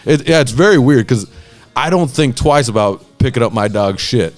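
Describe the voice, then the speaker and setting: A man hosts a podcast in a loose, comic rant, swearing freely and laughing as he goes. He acts out the voices of people in his stories. His pitch sits right in the middle for a man, and faint music plays underneath. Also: animated, moderate pace. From Southern California. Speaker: podcast host. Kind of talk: casual comedic rant.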